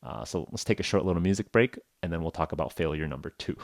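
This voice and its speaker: A man's voice: low-pitched, lively intonation, fast, background noise. A young man hosting a podcast, telling a story in a chatty, self-mocking way full of "uh" and "like". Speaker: podcast host. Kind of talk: casual storytelling podcast for English learners.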